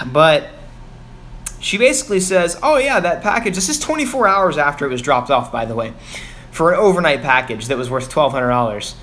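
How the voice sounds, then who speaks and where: A young vlogger vents about a bad experience on a casual live stream from his home garage, sighing often and rambling with fillers. His voice is on the high side, sing-song and fairly bright at normal speed, with a slight hiss or hum.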